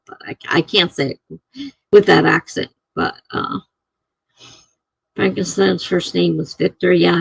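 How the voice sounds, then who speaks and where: Woman live streamer, husky, dry close sound, casual rambling chat. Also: lowish voice, fairly bright tone, no room sound, low-quality recording. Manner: rambling, chuckling, chatty. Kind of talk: casual chat reading viewer comments.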